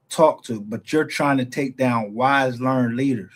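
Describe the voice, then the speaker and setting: A man's voice: medium pitch, a little slow, hardly any pauses. A man giving a heated, profane, rambling commentary as a YouTube creator, often restarting his sentences.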